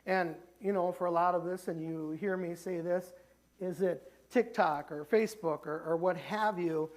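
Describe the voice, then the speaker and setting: A man's voice: sits high, steady tone, moderate pace. A man with a Midwestern American accent preaching a sermon as pastor in a church sanctuary, talking conversationally with many restarts. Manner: conversational preaching, frequent restarts, voices the characters he retells.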